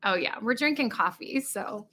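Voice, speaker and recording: Bright, upbeat woman chatting on a livestream. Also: fairly high pitch, lively intonation, normal speed. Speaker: livestream host. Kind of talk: casual livestream chat. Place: indoors in a cabin. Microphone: not her usual podcast microphone.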